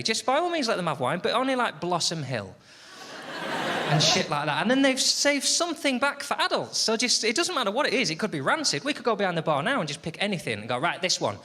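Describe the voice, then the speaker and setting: A comedian in his late twenties, a little high-pitched and swooping all over the place as he spins wry, self-deprecating asides. It is a noisy live recording from a comedy stage. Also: pushed and bright. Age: late 20s. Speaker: stand-up comedian. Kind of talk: stand-up comedy set. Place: comedy venue stage before a live audience.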